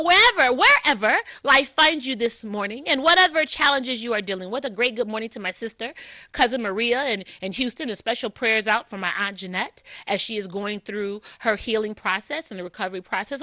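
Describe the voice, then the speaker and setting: A middle-aged woman from hosts a call-in radio show with a light, high voice and a bright, forward tone. She talks in a heartfelt, conversational way, sharing personal stories into a close studio microphone. The sound is dry, with no room echo. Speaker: radio talk show host.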